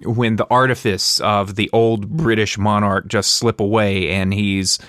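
A man in a casual podcast discussion who talks haltingly with many restarts. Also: fairly low pitch, level tone, fairly bright tone, clear, resonant tone, no echo, clean studio sound. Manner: halting, restarts, laughs easily.

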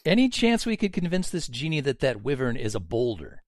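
A man's voice: mid-range voice, very animated, fairly quick, no room sound, studio quality. A man playing a tabletop game who suggests joking plans to the group. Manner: joking, scheming. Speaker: player.

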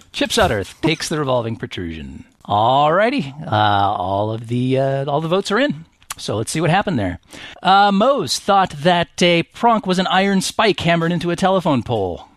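A man's voice: on the high side, very animated, moderate pace, dry recording, clean studio sound. A man hosting a comedic podcast word game, joking and laughing often. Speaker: game show host.

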